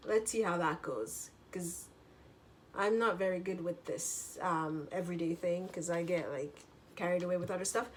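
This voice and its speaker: A woman's voice: fairly low pitch, normal speed, a little hiss or hum. Chatty woman telling a story. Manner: chatty, lots of "like" fillers, swears freely. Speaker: vlogger. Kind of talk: casual storytelling monologue.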